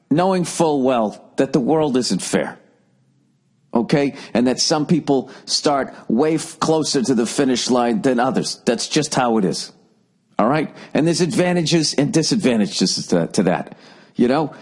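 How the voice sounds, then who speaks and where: A man's voice: medium pitch, expressive, moderate pace, a little mellow, breathy edge. A man in his forties with a Boston accent, ranting profanely through a casual solo monologue as podcast host.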